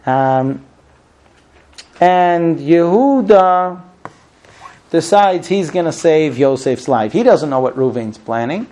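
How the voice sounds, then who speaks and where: A middle-aged man giving an informal Torah class, telling the story with lively acted-out dialogue. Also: takes it slowly, long pauses. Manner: animated storyteller, acts out quoted speech with high pleading voice. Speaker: rabbi teaching the weekly Torah portion.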